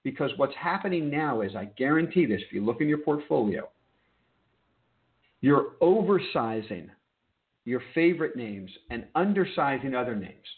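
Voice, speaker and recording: A man with a slightly high voice hosts a trading lesson. He talks emphatically and often stops to check in with his listeners. The audio is narrow and thin, like a phone line. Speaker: trading desk host. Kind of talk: market commentary lesson.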